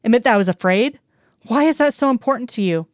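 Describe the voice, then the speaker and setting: A woman reading the lines of a calm female FBI agent who speaks evenly, with quiet certainty. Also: fairly high pitch, quick pace, no room sound, clean studio sound, voice pushed up, close to an everyday voice. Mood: controlled.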